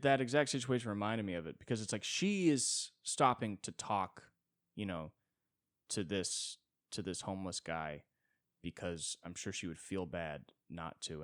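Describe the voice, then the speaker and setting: A man's voice: deep voice, fairly bright tone, no room sound, studio quality. A man hosting a solo podcast and riffing comedically, rambling with frequent "you know" fillers. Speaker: podcast host.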